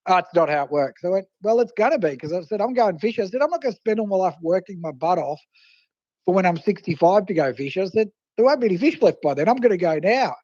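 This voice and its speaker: An Australian man, a fishing writer and photographer, telling animated stories over a phone line and acting out the people he quotes. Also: high voice, fast talker, no room sound. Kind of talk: casual storytelling over the phone.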